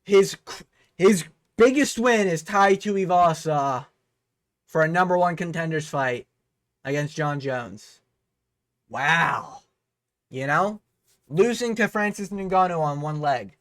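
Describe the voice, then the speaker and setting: A man's voice: fairly high pitch, lively intonation, takes it slowly, pauses often, a bit bright, dry recording. A man hosting a vlog breakdown of a fight card, ranting heatedly with plenty of swearing. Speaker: host.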